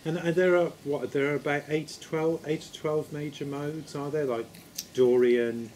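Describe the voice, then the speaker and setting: A man's voice: fairly high pitch, steady tone, moderate pace, a little mellow, slight background noise. A man, a folk musician, chatting in a friendly way about the music he plays and prompting his bandmate along. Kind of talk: casual conversation about music.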